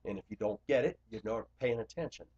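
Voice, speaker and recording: A man speaking to camera in an impassioned confessional monologue, blunt and confrontational, swinging between loud outbursts and quiet asides. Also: fairly low pitch, quick pace, slightly rough. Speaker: Christian video blogger. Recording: dull lo-fi recording.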